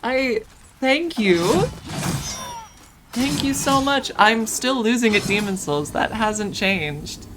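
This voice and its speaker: While streaming a game, a woman chats casually into her mic, flustered and emotionally overwhelmed, halting, restarting often and laughing through it. Her voice is on the high side, with background noise present.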